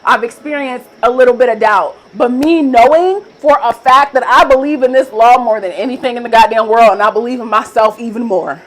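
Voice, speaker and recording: A woman's voice: fairly high pitch, a little fast, few pauses, low-quality recording. A young woman talking straight to her viewers in a motivational vlog, repeating emphatic affirmations, casual and profane. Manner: casual, direct address to viewers. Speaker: manifestation coach.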